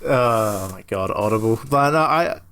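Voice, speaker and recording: A man's voice: fairly low pitch, lively intonation, a little slow, fairly bright tone, clean tone. A man hosting a podcast, chatting casually with a lot of laughter and swearing. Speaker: podcast host. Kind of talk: casual chat.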